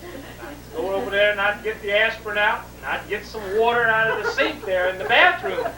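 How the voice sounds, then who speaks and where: A man telling a comic family story to a live audience, animated and repetitive. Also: high voice, brisk. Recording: echoey room, distant mic, noisy.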